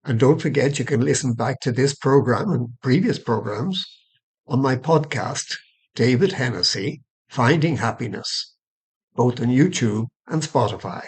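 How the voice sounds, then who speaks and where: A man hosting a podcast interview, calm with brief prompts and a measured sign-off. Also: mid-range voice, husky. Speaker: podcast host.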